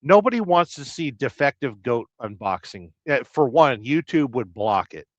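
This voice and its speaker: A man hosting a livestream, chatting casually and reading viewer comments with rambling, deadpan jokes. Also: mid-range voice, normal speed, no room sound. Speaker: livestream host. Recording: dull lo-fi dry sound.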